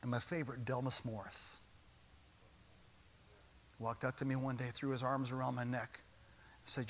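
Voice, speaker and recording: A man's voice: medium pitch, flat delivery, moderate pace, pauses often, fairly bright tone, slight background noise. A man preaching a sermon as pastor in a church, building his points with repeated refrains and rising intensity.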